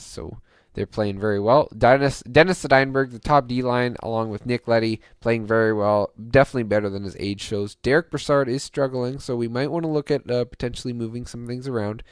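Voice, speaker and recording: A man talking over his own hockey video game in a relaxed let's-play style, cheering his team on and thinking aloud. His voice is smooth and clear, and the recording is close and dry, with no room sound. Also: medium pitch, brisk, no echo. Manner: chatty, cheers on his team, bursts of excitement; thinks aloud with many fillers and restarts. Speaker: gaming channel host. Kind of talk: casual let's-play commentary.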